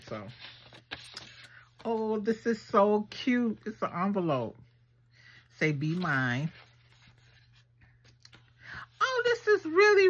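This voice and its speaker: An excitable woman gushes her way through an unboxing. She talks slowly in a lowish voice. A faint hum of room noise sits behind her. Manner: gushing, excitable, talks to viewers as girl and y'all. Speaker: craft vlogger unboxing swap gifts. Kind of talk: casual unboxing chat.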